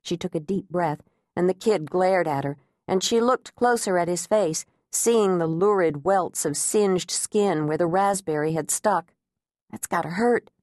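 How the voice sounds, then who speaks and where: A woman narrating an audiobook with wry, even storytelling. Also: lowish voice, measured pace, dry recording. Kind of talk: scripted narration. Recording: dry close studio sound.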